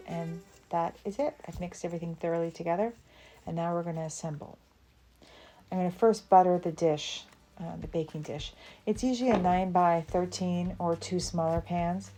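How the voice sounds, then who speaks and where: Woman, cooking channel host, from the American South, casual and chatty, low-ish voice, faint background music. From Southern United States. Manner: relaxed and chatty, with fillers and small laughs. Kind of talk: casual cooking demonstration voice-over.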